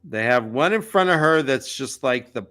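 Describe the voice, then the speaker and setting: A man co-hosting a casual book discussion, recapping the plot with jokey, animated asides. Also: medium pitch, normal speed. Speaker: podcast co-host.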